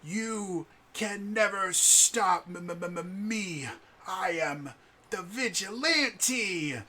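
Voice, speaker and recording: A man voicing a young boy play-acting a dramatic vigilante, shrill and theatrical. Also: slow pace, bright, forceful tone, slight background noise, heavily acted.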